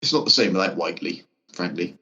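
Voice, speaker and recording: A man's voice: low-pitched, lively intonation, fast, vocal fry, highs cut off, a crowd in the background. A man from Newport with a South Welsh accent, a guest in a casual podcast chat. He teases wryly, swears, and slips between an English and a Welsh lilt. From Wales. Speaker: guest musician.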